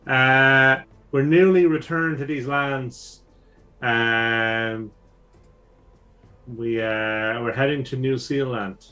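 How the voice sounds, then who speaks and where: A man's voice: mid-range voice, steady tone, very slow, pushed and bright, soft background music. A man playing a tabletop game in character, hesitant with many ums. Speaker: player.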